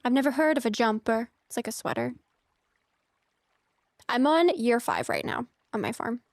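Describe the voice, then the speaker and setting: A woman's voice: on the high side, normal speed, gravelly, no echo. A young woman from the United States chatting casually with her viewers while streaming a game, giggly and full of filler words. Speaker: streamer playing a farming game.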